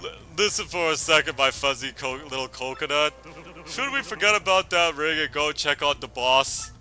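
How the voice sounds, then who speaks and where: A man voicing a smooth-talking male mobster husband in a low gangster drawl, reading game dialogue aloud. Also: moderate pace, sharp tone, soft background music. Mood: coaxing.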